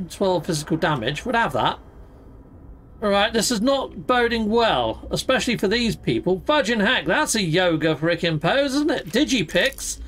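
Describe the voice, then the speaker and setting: Excitable man narrating gameplay. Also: high-pitched, slight background noise. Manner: playful, exclaims, mild mock swearing. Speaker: gaming channel host. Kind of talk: let's play commentary.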